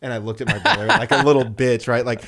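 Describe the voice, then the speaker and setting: Young man, casual podcast storytelling, animated, jumps into voices for each person, middle pitch. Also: fast. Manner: animated, acts out voices in his anecdotes. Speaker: podcast co-host.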